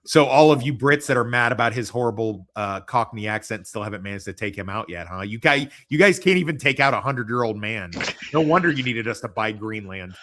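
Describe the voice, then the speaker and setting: An American man hosting a podcast, chatting casually in a loud, profane, joking way about movies. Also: fairly low pitch, expressive, fairly quick, few pauses. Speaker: podcast host. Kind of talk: casual chat.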